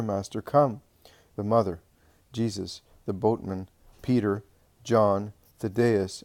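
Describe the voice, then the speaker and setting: A man giving an earnest, measured scripted reading of a religious narrative. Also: on the low side, dark tone, no echo.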